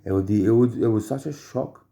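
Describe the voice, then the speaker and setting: A man at home telling rambling personal anecdotes, halting and repeating phrases as he searches for words. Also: mid-range voice, gravelly, dark tone. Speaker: storyteller.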